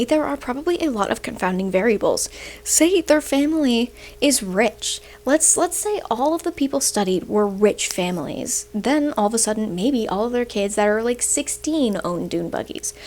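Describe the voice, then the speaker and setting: A young woman with a slightly high voice talks in a loose, chatty way and keeps tagging her points with "right?". She has the hiccups as she explains, and she sounds like a student ranting to the camera. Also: darkish tone. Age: young adult. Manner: chatty, tags sentences with "right?". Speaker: university student. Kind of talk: casual explainer rant.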